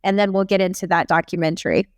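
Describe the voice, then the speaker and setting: A woman's voice: fairly low pitch, quick pace, no echo. A woman hosting an interview, asking questions in an eager, upbeat way. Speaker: host.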